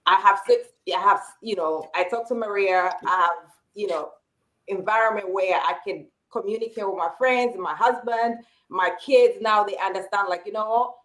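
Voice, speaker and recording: A woman's voice: medium pitch, low-quality recording. A woman in her forties, a podcast co-host, telling a personal story in casual chat and acting out what people said to her. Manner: candid personal storytelling, acting out quoted remarks.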